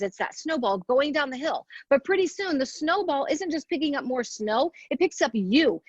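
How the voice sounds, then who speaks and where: A woman's voice: sits high, no echo, muffled recording. A woman giving an earnest motivational talk, asking rhetorical questions and counting off her points. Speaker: speaker at a women's leadership event.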